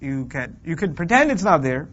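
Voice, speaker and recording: A man with a somewhat high-pitched voice teaches a scripture class in a lively, conversational way. He keeps asking his listeners questions and acts out their complaints. The recording sounds dull and lo-fi. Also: normal speed. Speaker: Quran teacher.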